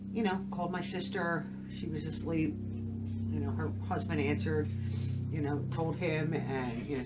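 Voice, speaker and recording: Halting, emotional middle-aged woman. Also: low voice, background noise. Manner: halting, full of "you know" fillers. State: emotional, saddened. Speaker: channel host. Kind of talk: personal storytelling to camera.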